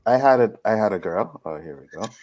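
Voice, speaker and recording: A man's voice: fairly low pitch, animated, a little fast, darkish tone. A man hosting a casual podcast in a laid-back way. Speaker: podcast host. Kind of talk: casual chat.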